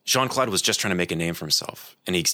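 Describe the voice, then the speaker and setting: Forceful, bright-voiced man telling stories. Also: deep voice, quick pace, no room sound, studio quality. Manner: animated anecdote-telling with voiced quotes. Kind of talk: casual chat, storytelling.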